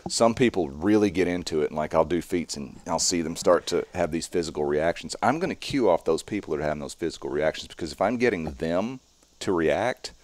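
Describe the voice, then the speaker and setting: A man in his late forties, a strongman performer, explaining calmly and at length in a podcast interview. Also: sits low, no echo. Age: 40s. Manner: calm, measured, explanatory.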